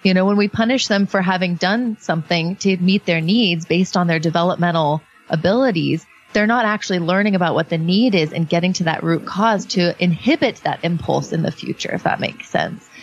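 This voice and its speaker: A woman in a casual podcast chat, explaining parenting ideas in an earnest, rambling way. Her voice sits a little low for a woman. The audio is dull and lo-fi. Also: brisk, few pauses, faint music behind. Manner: earnest, explanatory, many fillers. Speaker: parenting guest.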